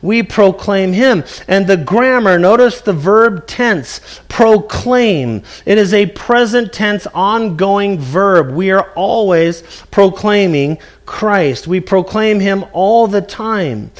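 Male pastor, high voice, slow and deliberate, earnest preaching with rhetorical questions. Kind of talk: sermon.

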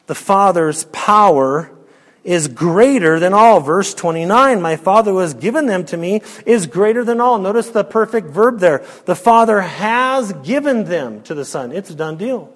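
An emphatic man preaching an expository sermon, with a high-pitched voice. He fires off rhetorical questions and at times drops to a near hush. His voice carries a long reverb, as in a large hall.

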